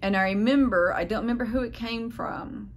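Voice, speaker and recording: Speaking a little high and fairly quickly, a worn-out, ailing middle-aged vlogger talks straight to her viewers with heartfelt sincerity. Her casual monologue meanders and falters as she keeps searching for the right words.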